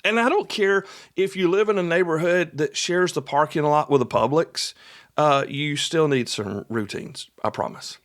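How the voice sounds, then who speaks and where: A man's voice: a little high, moderate pace, fairly bright tone. A man hosting an instructional podcast in a folksy, conversational way, often repeating his points. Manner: folksy, repeats points, acts out little dialogues.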